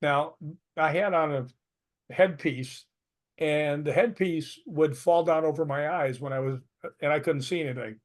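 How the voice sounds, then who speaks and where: A man's voice: a little high, a little slow. An older man, a retired stuntman, telling stories as a guest in a casual interview, laughing and acting out what people said. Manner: animated storyteller who laughs and acts out quotes.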